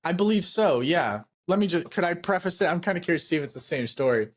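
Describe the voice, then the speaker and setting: A man's voice: on the high side, animated, quick pace. A man co-hosting a podcast in a casual, enthusiastic way, repeating phrases for emphasis. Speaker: podcast co-host.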